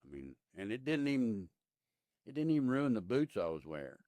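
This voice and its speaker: A man's voice: mid-range voice, big pitch swings, a little fast, warm tone, no echo. A man in his fifties, a podcast guest, telling his story in a plain-spoken, rambling way with many fillers. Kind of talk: casual interview storytelling.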